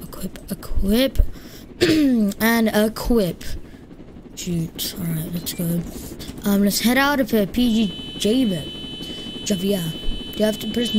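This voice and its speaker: Chatty woman streamer with background noise. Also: on the high side. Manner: chatty, greets and thanks viewers, mutters "shoot" often. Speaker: game streamer. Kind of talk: casual live-stream chat. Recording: clear steady background noise.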